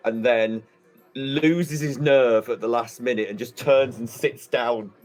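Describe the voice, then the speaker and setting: A man playing a tabletop game, describing his character's actions in an animated way. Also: medium pitch, unhurried, soft background music. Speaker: player.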